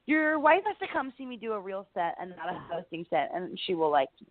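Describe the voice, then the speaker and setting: A woman's voice: fairly low pitch, a little fast, no room sound. A woman comedian from Delaware County, Pennsylvania, telling stories in a casual radio interview and acting out other people's voices as she talks. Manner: animated, acts out quoted voices, frequent "like". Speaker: comedian guest. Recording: dry, phone-like narrow sound.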